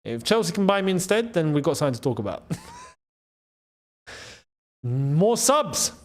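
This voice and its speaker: Excitable high-voiced man commentating live. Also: unhurried. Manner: excitable, shouts at big chances and goals. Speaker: football channel host. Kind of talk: live match watchalong commentary.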